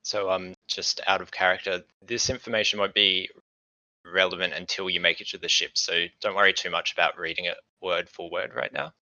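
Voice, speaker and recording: A man with a low but bright, forceful voice runs a tabletop game as the game master. He explains at an easy pace, with plenty of ums. The close, dry mic sounds a little dull and lo-fi. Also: fairly quick, no room sound. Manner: relaxed, explaining with fillers.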